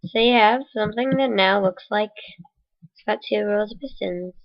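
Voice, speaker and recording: A woman with a medium-pitched voice casually narrates a voice-over tutorial on building in a game, speaking at normal speed. She rambles and corrects herself, hiccups included, on a dull, lo-fi mic.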